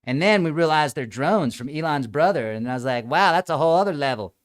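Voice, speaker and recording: A man mocks wild theories in a sarcastic rant, jumping between loud outbursts and low asides. His voice is smooth and clear and sits a little high. He sounds like a casual host. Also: fast. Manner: mocking, animated, switches between loud and quiet. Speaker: show host. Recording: small room with green screen.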